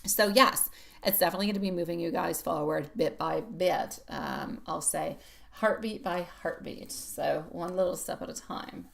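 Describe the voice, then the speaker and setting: A woman's voice: fairly low pitch, normal speed, creaky. A middle-aged woman giving a live-stream tarot reading, chatty and affectionate, laughing often as she greets viewers. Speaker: tarot reader.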